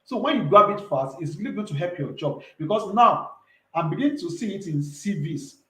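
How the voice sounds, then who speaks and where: A man's voice: high voice, sing-song, brisk, fairly bright tone, echoey room, poor audio. A man, talking earnestly and emphatically as an entrepreneur guest in a casual interview, often repeating himself.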